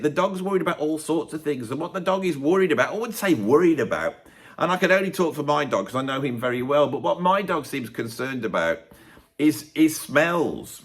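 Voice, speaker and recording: Man, chatty rambling monologue to camera, tag questions, very animated voice, mid pitch. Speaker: YouTuber.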